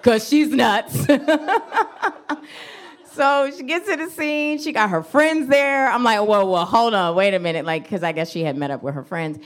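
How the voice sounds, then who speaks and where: A woman does stand-up storytelling from a club stage into a handheld mic. Her voice sits a little high and leaps around constantly. She acts out each quote with big jumps, breaking into laughter between lines. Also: animated, measured pace. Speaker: stand-up comedian.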